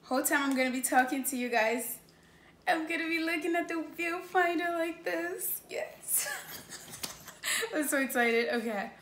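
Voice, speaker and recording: Her high, slightly bright voice moves at normal speed as she unboxes a new camera indoors. This late-twenties YouTuber gushes and exclaims throughout, laughing between remarks, and the room is echoey with faint noise.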